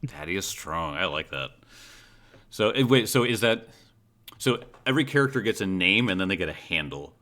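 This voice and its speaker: A man's voice: low-pitched, lively intonation, normal speed, sharp tone. A man running a tabletop role-playing game as game master, talking with many fillers and restarts. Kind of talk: guiding character creation in a tabletop game.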